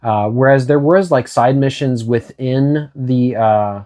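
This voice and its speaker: A man co-hosts a relaxed video game discussion in a mid-range voice. He steers the conversation and often trips over and restarts his sentences. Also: medium pitch, measured pace. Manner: leads the talk, hesitant restarts. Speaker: co-host.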